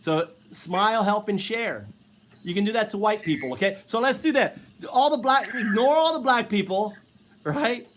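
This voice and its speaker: A man with a high, light voice chats casually and teasingly with a stranger. He pushes buttons on purpose and laughs easily. A faint hiss sits under the recording. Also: lively intonation, normal speed. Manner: teasing, provocative, laughs often. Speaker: streamer chatting with strangers. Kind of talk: casual chat.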